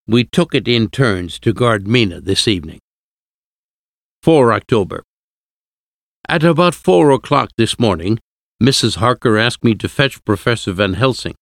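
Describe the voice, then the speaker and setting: Male audiobook narrator, deep-ish, measured, dry recording. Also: lively intonation, gravelly, no echo. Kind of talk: audiobook reading of a classic novel.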